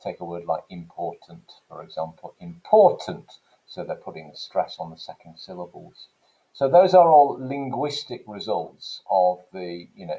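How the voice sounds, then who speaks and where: Low mellow-voiced guy teaching an english lesson, explains stuff, throws questions at the class. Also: low-quality recording. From England. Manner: explanatory, with rhetorical questions to students.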